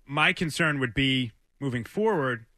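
A man co-hosting a sports talk radio show, giving articulate, measured analysis. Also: medium pitch, animated, bright, forceful tone, dry recording, studio quality.

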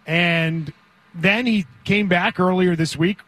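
A man hosting sports talk radio, energetic and opinionated, leading the conversation. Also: high-pitched, takes it slowly. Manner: energetic, opinionated, leads the segment.

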